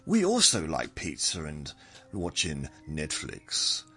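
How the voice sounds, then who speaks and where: Easygoing zombie who loves pizza, a man doing it, low and bright, matter-of-fact. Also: huge pitch swings, slow, gravelly, heavily acted. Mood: cheerful. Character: friendly pizza-loving zombie.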